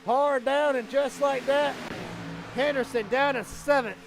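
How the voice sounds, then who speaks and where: A man calling a live sim race as commentator, excitable and quickening with the action. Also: very high-pitched, noisy background.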